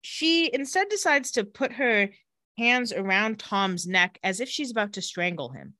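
A woman co-hosts a podcast, chatting through a TV episode and dipping into lower voices for the characters' lines. Her voice is bright and animated, and the recording is dry and close. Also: a little slow, no echo. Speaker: podcast co-host recapping a TV episode. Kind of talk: casual chat with acted-out quotes.

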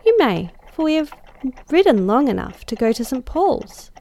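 A woman voicing a lively young American woman who laughs off trouble and dismisses worries. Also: high-pitched, moderate pace, voice pushed up, exaggerated voice. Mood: breezy. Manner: breezy and dismissive.

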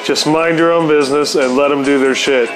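A man's voice: fairly high pitch, steady tone, a little fast, soft background music, poor audio. A man telling casual stories as a podcast host, in a profane, slangy, rambling way full of "dude" and "man". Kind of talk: casual storytelling.

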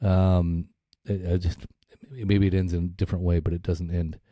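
A man with a somewhat low, mellow voice talks loosely and profanely as a podcast co-host. He rambles, restarts and laughs a lot. The sound is dry and close, with no room echo. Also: level tone, normal speed. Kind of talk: casual recovery podcast chat.

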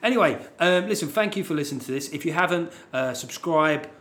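A man's voice: on the high side, animated, fairly quick, a bit bright. A man hosting a podcast, chatting casually and signing off with sarcastic, sweary asides. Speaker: podcast host. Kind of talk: casual podcast chat and sign-off.

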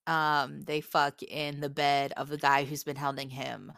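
A woman's voice: deep voice, level tone, measured pace, creaky, a bit bright, dry recording, studio quality. A young woman co-hosting a casual book podcast, gushing and giggling as she reads favorite quotes aloud. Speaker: podcast co-host.

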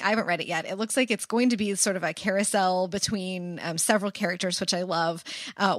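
A woman co-hosting a podcast, pitching upcoming books with upbeat energy and dry wit. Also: no room sound. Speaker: podcast co-host. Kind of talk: casual book chat.

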